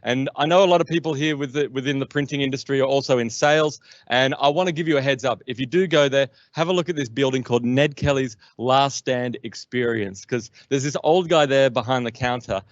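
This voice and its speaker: A man's voice: mid-range voice, brisk, few pauses, dry recording. A man with an Australian accent hosting an event as comedian, chatty and joking. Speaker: comedian emcee. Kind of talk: stand-up comedy routine. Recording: dull, muffled sound.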